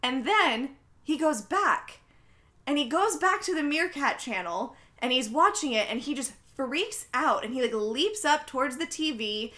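Podcast co-host: woman with a bright, slightly high voice, chatty and loose, lots of fillers. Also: expressive, unhurried. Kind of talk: casual recap of a film.

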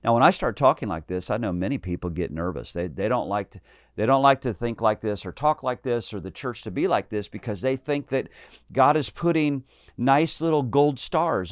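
A man's voice: medium pitch, dry recording. A man preaching a fiery, emphatic sermon, with bold declarations and mocking asides.

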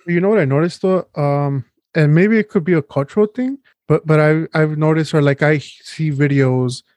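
A man's voice: fairly high pitch, normal speed, darkish tone, no room sound. A man from the Chicago area with a Mexican-American Chicago accent, co-hosting a podcast in casual banter, laid-back and swearing freely. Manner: laid-back, swears a lot, mixes in Spanish. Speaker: podcast co-host.

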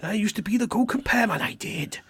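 A sing-song Welsh advert mascot, as a man puts him on, lifts his pitch well above his usual voice and swoops through each phrase. He talks in a lilting way and closes his lines with little tag phrases. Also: animated, brisk, fairly bright tone, husky, dry recording, exaggerated voice. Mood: mock-wistful. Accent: Welsh, put on.

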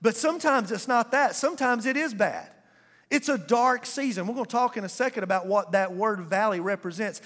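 Male pastor, high tenor, unhurried call-and-response preaching, reverberant sanctuary. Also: expressive, fairly bright tone. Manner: call-and-response preaching, drawn-out emphatic words. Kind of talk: sermon. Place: church sanctuary.

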